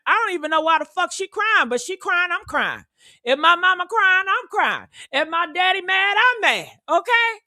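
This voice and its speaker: A woman hosting a reaction commentary, blunt and sassy, preaching and swearing freely. Her voice sits a little high. The sound is dry and close, with no room in it. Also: pushed and bright, dry recording. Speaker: commentary host.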